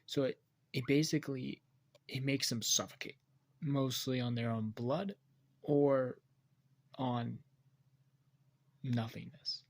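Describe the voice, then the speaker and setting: A man improvising a dark story aloud, rambling and hesitant, often correcting himself. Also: mid-range voice, fairly even intonation, slow, long pauses.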